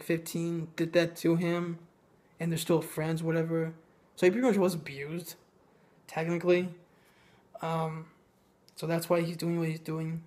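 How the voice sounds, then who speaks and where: A man giving a casual, ranting film review, blunt and sarcastic, with many pauses and fillers. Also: a little high, darkish tone.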